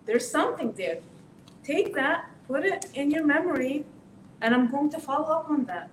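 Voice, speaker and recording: A woman's voice: sits high, normal speed. A woman giving a parenting lesson to an audience. She acts out parents and teenagers and keeps asking "okay?". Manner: lively, acts out parent and teen voices, repeats "okay?". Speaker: parenting workshop speaker. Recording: echoey room, voice from a distance, faint noise.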